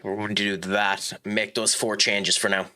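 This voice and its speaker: A man streaming a football management game, chatting with viewers in a rambling way and reacting loudly to the match. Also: on the low side, little pitch movement, moderate pace, slight background noise. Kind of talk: live gaming stream chat and match commentary.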